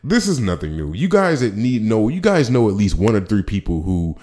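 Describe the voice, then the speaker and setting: A man with a very deep voice talks through his own podcast in a relaxed solo monologue. He rambles, restarts his sentences often and drops slangy asides as he goes. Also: a little fast. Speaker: podcast host.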